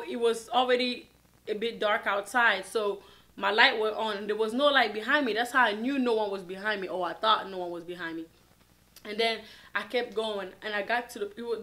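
A woman vlogger telling a personal story in casual, animated storytime style, with lots of filler words. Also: mid-range voice. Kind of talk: storytime vlog.

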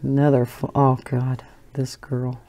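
A woman's voice: extremely low pitch, completely flat delivery, measured pace, dark tone. An older woman hosting a coloring channel, rambling through casual chat with frequent laughter while holding a baby. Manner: chatty and rambling, laughs often.

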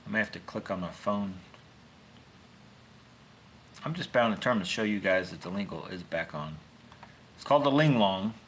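A man with a lowish, expressive voice talks quickly over slight background noise. He hosts a fishing channel and chats casually into his phone during a livestream, rambling in a folksy way with wry asides.

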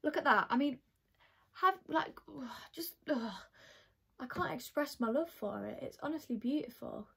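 A woman's voice: sits high, animated, measured pace, vocal fry, fairly bright tone, husky. A teenage girl chatting through her makeup routine as a beauty vlogger, full of "like" fillers. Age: teens. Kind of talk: get-ready-with-me makeup chat.

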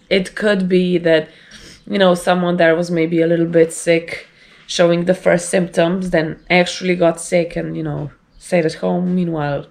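A woman talks casually to her camera at home, rambling and chatty. Her voice is low and gravelly, rough and strained by a sore throat. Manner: rambling, chatty, with light laughs. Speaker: vlogger.

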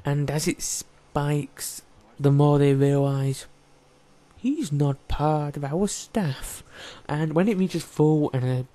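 A man with a fairly high but very dark, mellow voice talks through a stealth game in casual let's-play commentary. He jokes and chats with the characters on screen as he plays. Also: takes it slowly. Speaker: gaming YouTuber.

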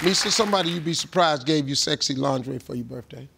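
A man hosting a TV game show, animated and teasing, with drawn-out exclamations over a loud studio audience. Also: a little high, gravelly. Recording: broadcast with loud crowd noise. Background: loud cheering studio audience.

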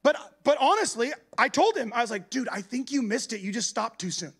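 A man preaching at a church gathering in a lively, conversational way, acting out other people's voices. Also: very high voice, a little fast, breathy edge. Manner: animated, conversational, acts out voices. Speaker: guest preacher. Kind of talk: sermon.

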